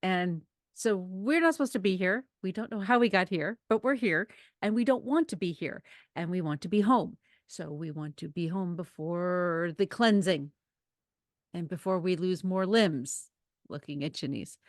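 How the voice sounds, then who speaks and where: Woman player, lower voice, casual and chatty, dry mic. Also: normal speed, dry recording. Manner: chatty, explains her moves. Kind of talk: casual tabletop play.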